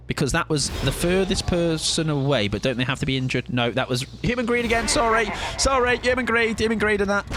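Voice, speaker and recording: A young man streaming a game, chatting excitably and mocking himself as he plays. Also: mid-range voice, background noise. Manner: chatty, excitable, self-mocking, swears casually. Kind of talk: live gameplay commentary. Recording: game music under the voice.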